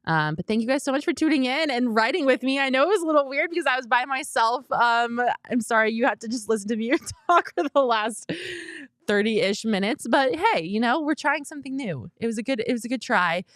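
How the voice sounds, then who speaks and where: A young woman hosting a sports talk show, chatting casually and upbeat, quick to laugh. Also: fairly high pitch, lively intonation, a bit bright, no room sound, clean studio sound. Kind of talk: casual solo sports chat.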